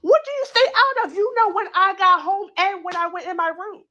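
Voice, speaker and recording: A woman hosting a casual true crime chat, talking it through in an animated, incredulous way and acting out quotes, with plenty of filler words. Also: very high-pitched, a little fast. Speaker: true crime channel host. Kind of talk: casual commentary.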